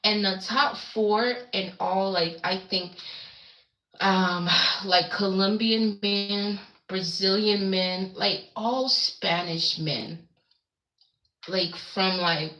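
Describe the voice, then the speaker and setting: A woman's voice: mid-range voice, steady tone, very slow, a bit bright, echoey room, low-quality recording. A woman from the Caribbean islands chatting casually on a livestream, rambling and reacting to viewer comments. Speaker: livestream host. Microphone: webcam.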